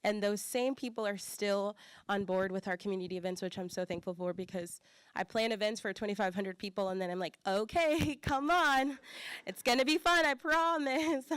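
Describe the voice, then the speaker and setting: Young woman w/ a bit of a southern accent, chatty church talk, smooth clear voice, dry close sound. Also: mid-range voice, brisk, no room sound. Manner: chatty, animated quoted voices, many fillers. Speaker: church staff speaker. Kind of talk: conference breakout talk.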